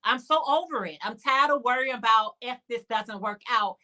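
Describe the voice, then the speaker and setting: A woman hosts a relaxed crafting livestream, talking freely and reading out viewers' comments as she goes. Her voice sits a little high and sounds bright and forward. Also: normal speed. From Chicago area. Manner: chatty, reads out and answers viewer comments. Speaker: livestream host. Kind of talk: casual crochet livestream chat.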